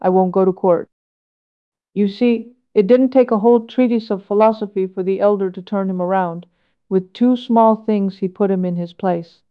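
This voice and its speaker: A woman reading a sermon aloud, telling its stories in a measured, steady way. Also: mid-range voice, clear, resonant tone. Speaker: reader of a homily. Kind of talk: read sermon. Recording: dull lo-fi recording.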